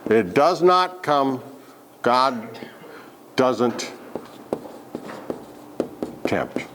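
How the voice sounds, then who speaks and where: A man's voice: a little high, sing-song, a little slow, a little hiss or hum. A man leading a Bible study class, asking the group questions and making joking asides. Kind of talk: interactive Bible lesson.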